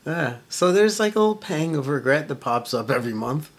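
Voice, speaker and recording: A man guesting on a podcast, talking in a loose, rambling way with plenty of filler words. His voice has a slight husky edge, and his pitch swings up and down a lot. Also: lively intonation, fairly quick. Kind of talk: casual chat.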